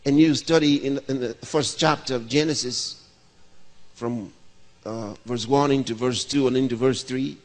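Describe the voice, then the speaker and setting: With a medium-pitched, slightly mellow voice, this man in his sixties delivers a sermon as a pastor, asking questions and then answering them himself. A large hall's long reverb fills the recording.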